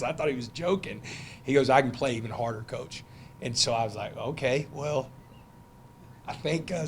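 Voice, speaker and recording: Chatty football coach, middle-aged. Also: male voice, medium pitch, a little hiss or hum. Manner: loose, conversational, many fillers and restarts. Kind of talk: press conference answers.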